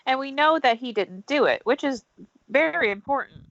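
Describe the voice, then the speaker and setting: A woman's voice: high voice, expressive, normal speed, fairly bright tone, no room sound, muffled recording, voice pushed up. A woman reading an earnest young male defense lawyer in her own plain voice for a let's-play fan dub.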